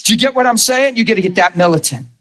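A man preaching a sermon, telling his own story, dropping to a hush and then raising his voice to drive a point home. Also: sits high, animated, fast talker. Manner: testimony swinging from hushed to raised voice.

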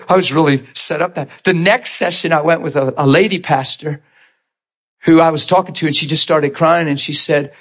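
A man preaching in a storytelling style, animated and often laughing as he acts out conversations. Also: fairly high pitch, normal speed. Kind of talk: storytelling sermon.

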